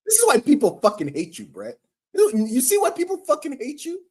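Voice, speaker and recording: A man's voice: very high-pitched, wildly swooping pitch, a little fast, creaky. Profane ranting male livestream host. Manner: profane, exasperated, stammering rant. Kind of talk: casual livestream rant.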